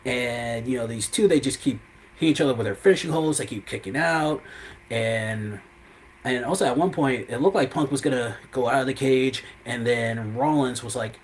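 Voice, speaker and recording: A man's voice: medium pitch, normal speed, low-quality recording. A man hosting a live show who recaps events in a casual, rambling way, full of "you know" and "I mean.".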